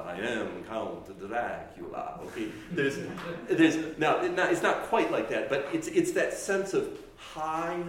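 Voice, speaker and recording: A man gives a classroom lecture on chant, restarting phrases as he explains and demonstrating examples aloud. His voice sits at a middling pitch. The room is heavily reverberant, with a faint hiss underneath. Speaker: chant teacher. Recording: very echoey room with faint noise.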